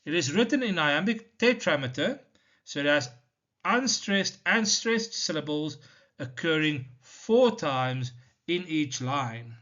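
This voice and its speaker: A male teacher from South Africa explaining a poem in a deliberate, step-by-step lesson, with many "so" and "now" turns. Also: a little high, lively intonation, fairly bright tone. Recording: slightly dull lo-fi recording.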